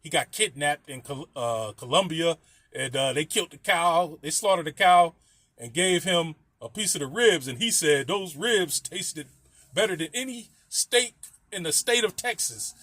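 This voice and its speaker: A middle-aged man rambles through a casual story, swearing freely and laughing between lines. His voice sits high for a man. The sound is dry and close. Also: animated, moderate pace, pushed and bright, dry recording.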